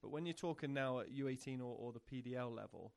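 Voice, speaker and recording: A man's voice: medium pitch, fast talker, creaky. Male soccer coach explaining his methods. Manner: explanatory, repeats words when thinking. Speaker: soccer coach and technical director, guest. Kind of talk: casual interview chat.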